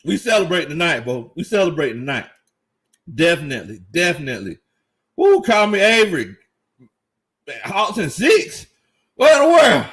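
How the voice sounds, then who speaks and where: A man hosting a casual live fan reaction stream, excited, laughing often and reading out chat comments. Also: on the high side, normal speed, long pauses. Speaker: sports fan livestream host.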